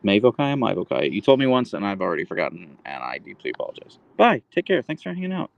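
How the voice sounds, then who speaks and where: Male streamer, casual and affectionate, lively sing-song pitch with a gravelly edge, dry close phone mic. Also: fast, dull audio. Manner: baby-talk to his dog, reads chat aloud. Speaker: livestream host. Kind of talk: casual livestream chat with pet. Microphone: handheld phone camera.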